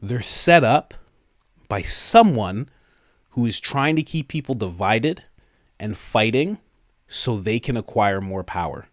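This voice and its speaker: A man's voice: lowish voice, animated, slow pace, fairly bright tone, no echo, studio quality. A man hosting a podcast, giving opinionated commentary in a casual, incredulous way, dropping words like "man" and "bro" and laughing between points. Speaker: podcast host.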